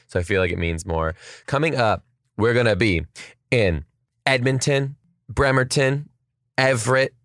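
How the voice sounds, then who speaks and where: A man, hosting a comedy podcast with energetic, jokey and profane chatter. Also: lowish voice, no room sound, clean studio sound. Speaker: podcast host. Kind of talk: casual chat.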